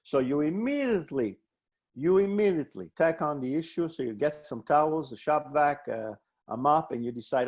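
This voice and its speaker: A man presents a wellbeing webinar in an animated, slightly high voice, explaining coping strategies. He acts out both sides of imagined conversations and leads slow breathing exercises.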